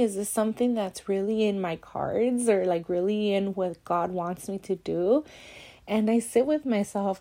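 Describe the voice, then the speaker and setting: A woman's voice: medium pitch, unhurried, dark tone. A young adult woman hosting her own podcast, talking candidly and emotionally about hard times, with many fillers and some swearing. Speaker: podcast host. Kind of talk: personal monologue.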